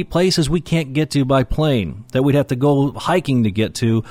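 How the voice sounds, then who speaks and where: A man's voice: medium pitch, no room sound. A man preaching a Bible lesson, reading scripture aloud and explaining it plainly with frequent fillers. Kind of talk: Bible teaching sermon.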